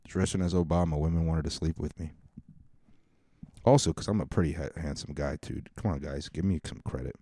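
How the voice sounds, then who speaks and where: A man's voice: rumbling low, steady tone, fairly quick, mellow, no room sound, studio quality. A man in his thirties hosting a podcast, telling crude, rambling, comedic stories in a mocking tone. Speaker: podcast host. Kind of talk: casual comedic storytelling.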